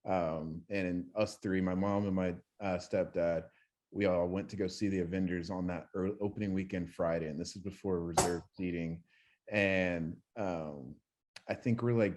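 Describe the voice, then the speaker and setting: A young man co-hosting a podcast, telling animated stories in casual chat and swearing freely. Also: sits low. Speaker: podcast co-host.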